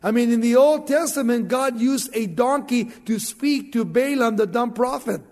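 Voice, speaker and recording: A man's voice: very high-pitched, long reverb tail. A male pastor preaching a sermon, telling stories with animation and asking the congregation questions.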